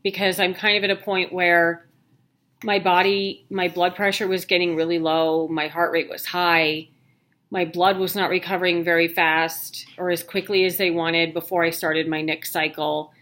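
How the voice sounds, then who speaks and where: A woman's voice: lowish voice, flat delivery, moderate pace, a bit bright. A woman in her thirties, talking casually to the camera in a candid, chatty way with jokey asides, sounding worn out. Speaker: vlogger sharing her health news.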